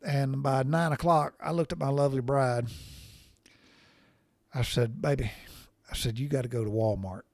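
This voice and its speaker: A middle-aged man telling a personal story on his podcast in a loose, folksy way, peppered with mild cussing and self-mocking laughs. His voice sits at an everyday male pitch. The recording is close and dry, with almost no room sound. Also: fairly even intonation, normal speed, darkish tone, no echo. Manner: folksy, salty, laughs at himself. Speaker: podcast host. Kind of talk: casual storytelling monologue.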